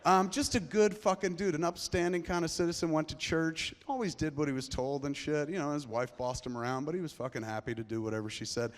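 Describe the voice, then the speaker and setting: A middle-aged man telling a personal story live on stage, profane and rambling, his voice dropping to a hush and then rising loud. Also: a little high, fairly quick, few pauses. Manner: profane, rambling, swings between hushed and loud. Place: large theater before a live audience. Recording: long reverb of a large hall.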